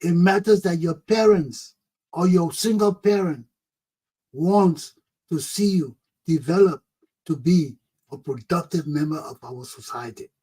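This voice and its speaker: A man with a fairly high voice tells a personal story as a talk show host. He is animated and keeps coming back to "oh, man", then turns into a lecture on parenting. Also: unhurried, husky, low-quality recording.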